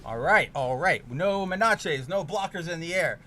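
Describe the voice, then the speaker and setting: A man chats casually while streaming a card game, his fairly high voice swinging wildly as he rants. He swears freely and flares into loud exasperated outbursts. A faint hiss sits under the mic. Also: expressive, moderate pace.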